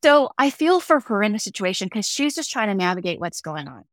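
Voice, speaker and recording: A woman's voice: medium pitch, sing-song, fairly quick, no echo, clean studio sound. Reflective middle-aged woman telling stories. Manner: reflective, acts out quoted dialogue. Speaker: podcast guest. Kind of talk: conversational interview storytelling.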